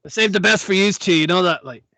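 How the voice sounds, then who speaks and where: Player, male, jokey and rambling, fairly high voice, dry close sound. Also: fast talker, sharp tone, no room sound. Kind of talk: casual tabletop chat.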